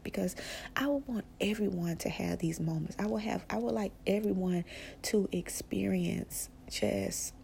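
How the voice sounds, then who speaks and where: A woman hosting a casual spiritual podcast, speaking softly and often slipping into a whisper, rambling with restarts. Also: on the low side, gravelly, slight background noise. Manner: soft-spoken, often drifting into a whisper. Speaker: podcast host.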